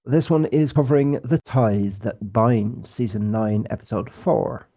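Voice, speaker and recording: Brief: man, podcast co-host, dry wit, dark mellow tone, dull recording. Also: medium pitch, a little slow, slightly rough. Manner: dry, joking banter. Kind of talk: casual chat. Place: rented flat abroad.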